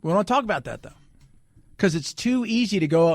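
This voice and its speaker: A middle-aged man hosts a talk radio show, talking bluntly and cracking jokes as he goes. His voice sits high for a man. The studio sound is close and dry. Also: lively intonation, normal speed, no room sound. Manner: blunt and jokey, slips into mocking voices.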